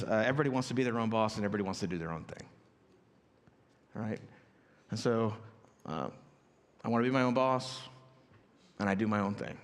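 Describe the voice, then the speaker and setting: A man preaching a sermon in a relaxed, conversational way, telling stories and acting out quotes. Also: mid-range voice. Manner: conversational, storytelling with acted quotes. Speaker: pastor. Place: church auditorium. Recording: church hall reverb.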